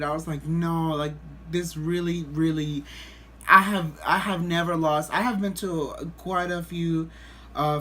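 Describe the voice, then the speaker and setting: A man vlogging, telling a story to the camera in a rambling, animated way with lots of restarts. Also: a little high, a little hiss or hum.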